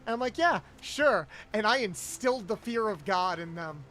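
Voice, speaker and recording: High-voiced young man telling stories. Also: fairly quick, bright, forceful tone. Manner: rambling storyteller, acts out quotes. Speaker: streamer host. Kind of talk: casual chat while gaming.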